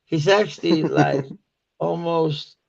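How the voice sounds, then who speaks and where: Slow gravelly man with a dull lo-fi sound. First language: Danish. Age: 40s. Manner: laughs often, swears, mocks slang with loud high put-on quotes. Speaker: live streamer. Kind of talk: casual live-stream chat. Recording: dull lo-fi stream audio.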